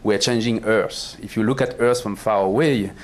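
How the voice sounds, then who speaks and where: French-accented man with a cold, lowish voice. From France. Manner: self-deprecating, halting with many fillers. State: has a cold, voice worn. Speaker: planetary astronomer. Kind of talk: public science talk. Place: auditorium stage.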